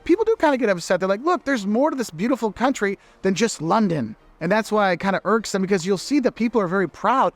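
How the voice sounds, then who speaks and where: Guy vlogging tips from england, high-pitched voice, chatty and emphatic. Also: animated, fast, hardly any pauses, no room sound. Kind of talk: casual advice vlog.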